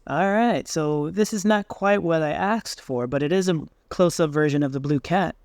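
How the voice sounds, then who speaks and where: A man hosting a software tutorial, casually thinking aloud with fillers as he tries things on screen. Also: on the high side, normal speed, no echo, clean studio sound. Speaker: tech tutorial host. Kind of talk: screen-recorded software walkthrough.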